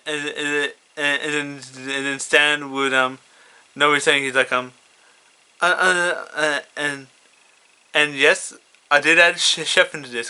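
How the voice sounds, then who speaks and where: A man reading his own fan story aloud in a casual way, halting and stuttering with plenty of fillers. His voice is very bright and clear, pitched a bit high for a man. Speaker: fan fiction reader.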